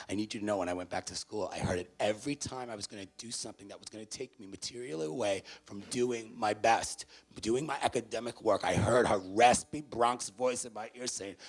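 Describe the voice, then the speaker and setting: A man giving an animated storytelling talk to parents at a university event, swinging between loud bursts and hushed moments. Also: fairly high pitch, vocal fry. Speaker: speaker addressing parents. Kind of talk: storytelling motivational speech.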